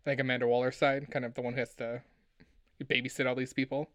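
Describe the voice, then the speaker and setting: A man co-hosting a casual pop-culture podcast, talking in excitable, joking rants. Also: medium pitch, fast talker, no echo, studio quality. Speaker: podcast co-host.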